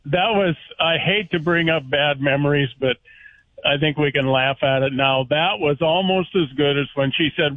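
A man's voice: fairly high pitch, normal speed, no echo, phone-quality sound. A man joining the show with good-natured, chuckling ribbing. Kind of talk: casual on-air banter.

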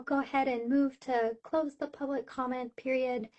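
A woman moderating a public hearing by teleconference, speaking in a measured way with frequent fillers. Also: sits high, fairly even intonation, darkish tone. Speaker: meeting facilitator. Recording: dull lo-fi call audio.

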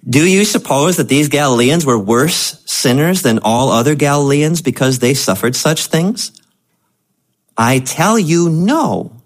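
Male pastor, sermon delivery, conversational and emphatic, very animated pitch. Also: measured pace. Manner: conversational preaching, rising to emphatic.

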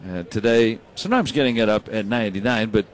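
A man calling baseball play by play, brisk and rising when big plays happen. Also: fairly low pitch. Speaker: play-by-play announcer.

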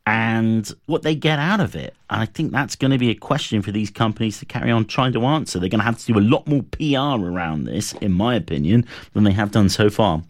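A man's voice: fairly low pitch, brisk, hardly any pauses, no room sound, clean studio sound. A man guest offering his analytical opinion on a business topic. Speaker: commentator guest.

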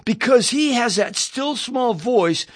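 Male preacher, high-pitched, dry close recording; lively testimony storyteller who addresses the listener head-on. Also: takes it slowly, dry recording. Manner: animated storyteller voicing his own thoughts; direct, questioning the listener. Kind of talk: radio sermon testimony.

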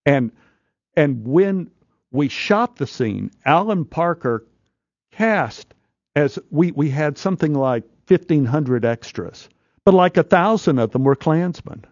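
A man as a studio guest telling a story in an animated way, restarting phrases and acting out the people in it. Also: fairly high pitch, no room sound, highs cut off. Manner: halting, restarts phrases, acts out quoted voices.

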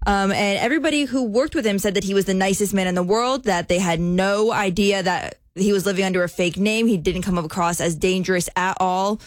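A woman's voice: medium pitch, brisk, few pauses, dry recording, clean studio sound. A woman co-hosting a morning radio show, telling a news story with a giggly, self-deprecating manner. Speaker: radio co-host.

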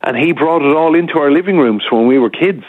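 A man's voice: a little high, quick pace, no room sound. A man in his fifties, a news reporter and guest, chatting and telling anecdotes on the radio. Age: 50s. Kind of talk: casual storytelling on radio. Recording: husky, tinny phone line.

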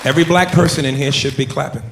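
A man performing stand-up comedy with a punchy delivery and occasional shouted lines. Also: on the high side, fairly even intonation, fast. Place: comedy club stage with audience. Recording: roomy club with crowd noise.

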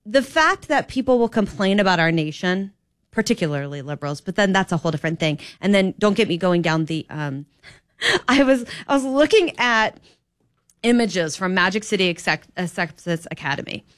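A woman's voice: medium pitch, animated, moderate pace, no echo. Woman w/ filling in on talk radio, opinionated, rambly, dry close studio mic. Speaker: fill-in radio talk show host.

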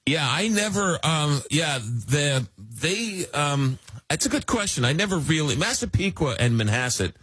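A middle-aged man from Long Island hosting a radio talk show, telling stories in a rambling, animated way. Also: on the high side, a little slow, breathy edge, no echo. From Long Island, New York. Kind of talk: casual radio chat.

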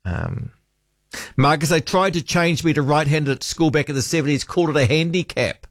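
A New man hosts talkback radio in a fairly high voice, musing aloud and reading listener texts. He drifts between thoughts and trails off with ums. His studio mic sounds close and dry. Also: moderate pace, no echo. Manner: rambling, hesitant, trails off with ums.

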